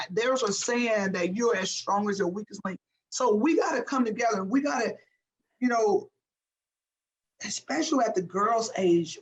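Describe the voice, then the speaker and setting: A woman's voice: a little high, poor audio. A woman guest speaking as a basketball coach, emphatic and motivational, repeating phrases for effect. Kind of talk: motivational interview talk.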